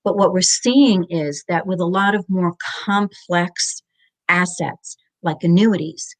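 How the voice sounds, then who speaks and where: A woman's voice: fairly low pitch, takes it slowly. A middle-aged woman, a guest in an interview, explaining divorce finances methodically and spelling out jargon step by step.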